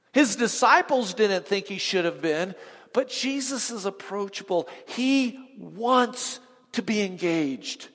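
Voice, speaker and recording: A male pastor preaching a sermon, swinging from emphatic lines to hushed ones and quizzing the congregation. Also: sits high. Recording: long reverb of a large hall.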